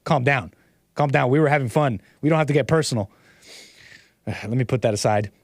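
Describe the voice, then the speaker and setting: A man's voice: mid-range voice, moderate pace, dry recording, clean studio sound. A man hosting a livestream, reacting to videos with rambling, repetitive, mocking commentary. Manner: rambling, repeats himself, mocking asides. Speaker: livestream host.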